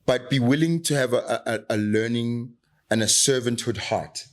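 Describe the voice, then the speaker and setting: Medium in pitch and normal in speed, the voice belongs to a middle-aged South African man, an actor guesting on a podcast. He talks candidly, passionate and emphatic, and leans on rhetorical questions to make his case.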